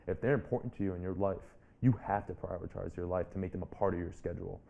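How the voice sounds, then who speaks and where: Telling a personal story as an interview guest, a man in his twenties who is a speaker and author comes across earnest and reflective, repeatedly restarting phrases. He talks fast in a deep, steady voice with vocal fry, and the audio sounds dull.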